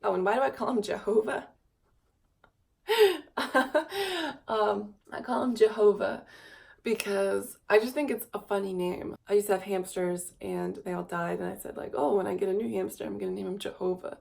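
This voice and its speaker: Tired twenty-something woman rambling to her camera, gravelly fry, medium pitch. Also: fairly even intonation, a little fast, darkish tone. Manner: rambling and wistful, coos in a high baby voice. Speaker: vlogger. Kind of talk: personal confessional vlog.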